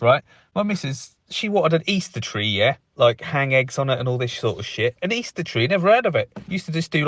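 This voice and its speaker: A man's voice: medium pitch, a bit bright, no echo. A man delivering an exasperated, sweary recorded rant. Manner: exasperated ranting, heavy swearing. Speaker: podcast co-host.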